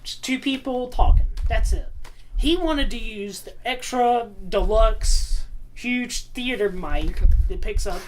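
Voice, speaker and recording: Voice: medium pitch, slow, a little hiss or hum. Sarcastic speaker with mimicked voices. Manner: sarcastic, animated mimicking of others. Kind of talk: casual storytelling chat.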